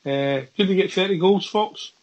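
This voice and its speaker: A man with a fairly high, husky voice hosts a fan radio chat. He keeps the talk moving by putting questions to the others. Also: normal speed, darkish tone, poor audio. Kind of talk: casual chat.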